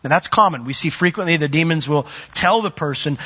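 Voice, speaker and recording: A man preaching a sermon, animated, with sudden loud swells and soft drops as he retells the story. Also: fairly high pitch, quick pace, few pauses, breathy edge, dull audio.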